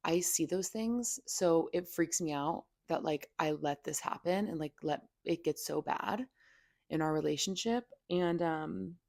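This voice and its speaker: A woman's voice: deep voice, unhurried, gravelly, darkish tone, dry recording, studio quality. A young woman hosting a podcast, venting candidly in casual talk full of "like" and swearing. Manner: venting, heavy "like" filler, frequent swearing. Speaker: podcast host.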